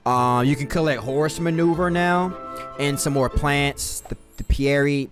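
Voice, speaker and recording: A man's voice: fairly high pitch, moderate pace, faint music behind. A man streaming a life-sim game, giving casual, slangy commentary and often stopping to correct himself.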